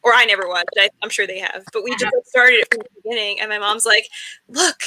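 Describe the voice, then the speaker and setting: Bright-voiced young woman telling stories. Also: medium pitch, steady tone, fast talker, a little hiss or hum, low-quality recording. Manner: storytelling, laughs through her words. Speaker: guest. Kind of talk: casual group video chat. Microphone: video call.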